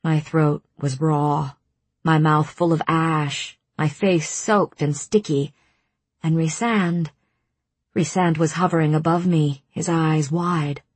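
Slow, husky woman narrating an audiobook. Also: low voice, fairly even intonation, no echo. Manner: measured, intimate storytelling. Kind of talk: first-person audiobook narration.

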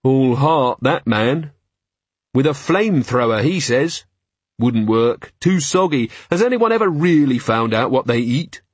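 A man's voice: mid-range voice, lively intonation, a little slow, slightly rough, no room sound. A man voicing a sardonic young female watch officer who talks in a dry, sarcastic way.

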